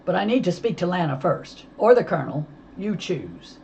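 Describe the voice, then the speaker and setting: A woman voicing a steady male police detective who speaks calm and businesslike. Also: on the low side, moderate pace, vocal fry, dull audio, slight background noise, pitched above the performer's own voice.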